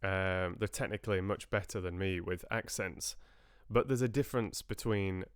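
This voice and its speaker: A man's voice: low-pitched, steady tone, moderate pace, clean tone, dry recording, studio quality. A man hosting a livestream, chatting casually with his viewers in a rambling, friendly way with frequent restarts. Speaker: livestream host and audiobook reader. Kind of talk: casual chat with live viewers.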